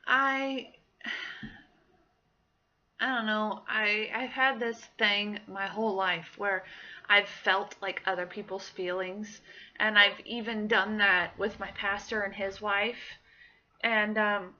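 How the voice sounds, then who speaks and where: A woman's voice: medium pitch, steady tone, slow pace, bright, forceful tone, dull audio. A woman in her thirties telling personal stories in a casual diary vlog, acting out the voices of people she quotes. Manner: chatty storytelling, acts out quoted voices. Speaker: vlogger.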